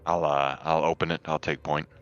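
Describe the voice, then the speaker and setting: A man's voice: extremely low pitch, flat delivery, moderate pace, clear, resonant tone. A man playing a tabletop role-playing game, casual and decisive about his character's moves. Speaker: player. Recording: dull lo-fi mic.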